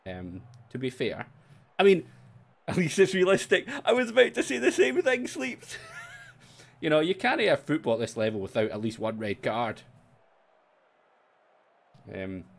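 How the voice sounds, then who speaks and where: A man giving live commentary while he streams a football management game, chatty and self-mocking, with sudden excited outbursts. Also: medium pitch, vocal fry.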